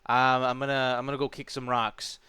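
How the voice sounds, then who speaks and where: A man's voice: medium pitch, monotone, fairly quick, pushed and bright, clean tone, no echo. A man in his twenties telling a story in a casual vlog, rambling along with lots of fillers and calling the listener dude and man. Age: 20s. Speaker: vlogger.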